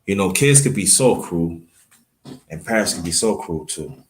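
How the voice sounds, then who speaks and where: Brooklyn man with a lowish voice, hosting a livestream, rambling and halting, stops to shout out viewers. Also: expressive. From Brooklyn, New York. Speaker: livestream host. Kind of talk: emotional livestream storytelling.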